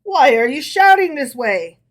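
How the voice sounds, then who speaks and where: A woman's voice: high voice, big pitch swings, a little slow, voice pushed up. Woman putting on an enraged old rabbi. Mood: astonished. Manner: indignant, shouting. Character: enraged older male rabbi.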